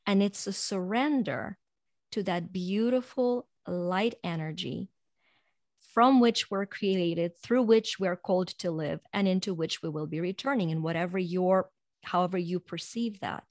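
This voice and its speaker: A woman speaking as a guest in an earnest, reflective motivational talk, going soft and slow when guiding breathing and laughing lightly between points. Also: medium pitch, dry recording, studio quality.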